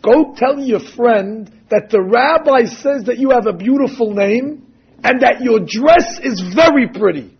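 A man voicing a gentle elderly rabbi who kindly comforts a crying child, speaking softly. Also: very high-pitched, animated, measured pace, breathy edge, full character voice. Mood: tender. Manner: soft, hushed and tender. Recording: dull lo-fi recording.

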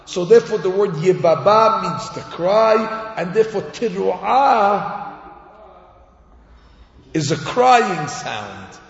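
A high, gravelly male voice tells a sermon story slowly and animatedly, acting out characters and crying sounds along the way. He speaks in a long-echoing hall. The recording is dull and lo-fi. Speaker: rabbi or Torah teacher.

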